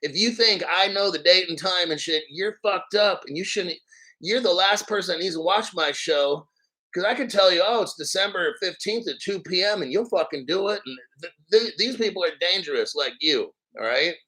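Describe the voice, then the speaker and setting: A man with a bright, forceful voice, pitched a little above most men, hosts his own crypto show. He rants in crude, profane commentary, swings into sarcasm, and mocks his critics. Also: animated, poor audio. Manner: reads articles aloud slowly, mocks others in silly voices.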